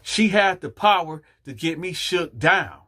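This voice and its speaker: A man casually telling a personal story to his viewers, acting out the dialogue with lively jumps in his voice. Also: fairly high pitch, measured pace. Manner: animated, acts out quoted dialogue.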